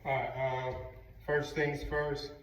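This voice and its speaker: A man's voice: mid-range voice, flat delivery. A man filming his knee rehab exercises, slightly winded, counting each rep aloud. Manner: counting reps aloud, slow and deliberate. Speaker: vlogger recovering from knee surgery. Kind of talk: casual exercise vlog. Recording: roomy, distant camera mic with background noise.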